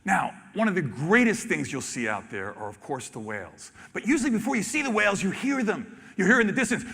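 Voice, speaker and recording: A man, a wildlife photographer, telling stories animatedly on stage and acting out reactions with sudden loud exclamations. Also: sits high, very animated, a little fast, vocal fry, husky. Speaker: wildlife photographer giving a talk. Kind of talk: animated storytelling presentation. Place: large expo hall stage. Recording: reverberant hall.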